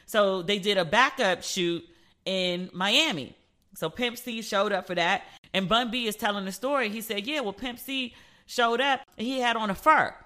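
Bright-voiced woman gossiping on a podcast. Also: medium pitch, normal speed. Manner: chatty, playful, acts out quotes in voices. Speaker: podcast host. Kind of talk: casual pop-culture commentary.

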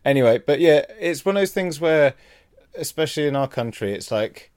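A man's voice: fairly high pitch, animated, fairly quick, a little mellow, clear, resonant tone, dry recording, clean studio sound. A man co-hosting a podcast, telling rambling, self-mocking stories in casual chat. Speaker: podcast co-host.

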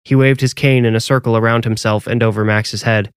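A man narrating a scripted horror story in a measured, even storytelling way. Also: lowish voice, clear, resonant tone, no room sound, studio quality.

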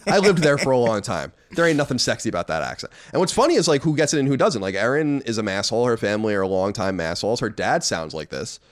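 Fast and mid-range with few pauses, the co-host tears through gaming news on his podcast. He's casual, animated, quick to give strong opinions, and swears without a second thought.

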